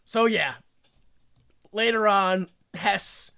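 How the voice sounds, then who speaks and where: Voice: medium pitch, slow pace, gravelly, pushed and bright. A podcast co-host recapping a movie in casual comedic chat, rambling and profane, laughing often.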